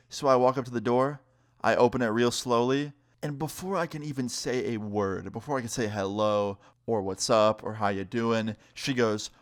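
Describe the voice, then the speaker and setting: A young man in his twenties telling a casual story time vlog, animated and swearing, speeding up and slowing down. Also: medium pitch.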